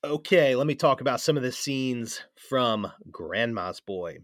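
A man's voice: mid-range voice, unhurried, no echo, clean studio sound. A man in his thirties co-hosting a casual movie-review chat, laughing often and acting out lines from the films. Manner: animated, laughs often, acts out movie lines in silly voices. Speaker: podcast co-host.

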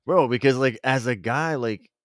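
A man's voice: medium pitch, normal speed, dry recording, studio quality. A man hosting a casual podcast, talking bluntly with lots of swearing and laughter. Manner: blunt, profane, laughs often.

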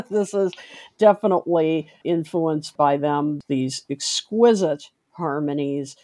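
Woman, podcast co-host, low voice, slow pace, dry close sound, enthusiastic. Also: dark tone, dry recording. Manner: enthusiastic, measured. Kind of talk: casual music chat.

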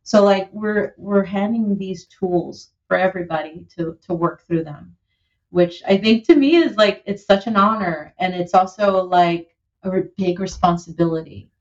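A woman's voice: mid-range voice, normal speed. Chatty woman with a slightly dull sound. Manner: animated, many fillers like "like" and "you know", heartfelt. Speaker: musician and producer, guest. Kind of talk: conversational interview.

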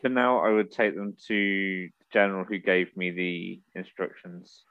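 A man playing in a tabletop role-play podcast who talks through his character's plan thoughtfully. His voice is very deep. The recording is dry and a little dull. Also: fairly even intonation, measured pace, dry recording. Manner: thoughtful, explaining. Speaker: player.

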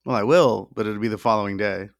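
A male podcast co-host jokes crudely and swears freely during a casual chat, speaking fast into a headset mic. His voice is low-ish and gravelly, captured as a clean, dry studio recording.

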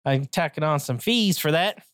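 A bumbling, self-important male detective with a low, dry, deadpan delivery, done by a woman in her own low voice. He blusters through his lines as if they were grand, recorded close and dry. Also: moderate pace, no room sound. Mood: blustery. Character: bumbling pantsless male pet detective, gruff and self-pitying.

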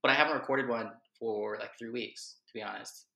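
A man's voice: mid-range voice, fairly quick, gravelly, sharp tone. A man hosting a podcast, chatting casually in a rambling way and laughing easily. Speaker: podcast host. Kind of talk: casual chat. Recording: echoey room.

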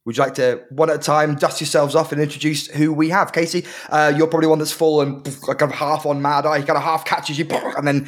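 A man's voice: a little high, flat delivery, fast talker, hardly any pauses. A man narrating as game master in a loose, filler-heavy way.

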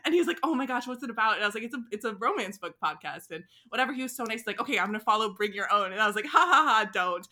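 A young woman co-hosting a podcast, telling stories in an animated, giggly way. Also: medium pitch, very fast, few pauses. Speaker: podcast co-host. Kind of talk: casual chat.

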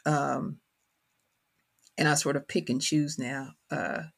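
Middle-aged Kentucky-accented woman, gravelly tone, reflective and halting interview guest. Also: extremely low pitch, steady tone. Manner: thoughtful, halting, with frequent fillers and restarts. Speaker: poet and professor, interview guest.

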